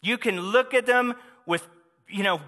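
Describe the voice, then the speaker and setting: A man delivers a sermon in a high, bright voice, pressing his points with fervent repetition. His words ring out with the long reverb of a large hall. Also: a little slow. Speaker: pastor.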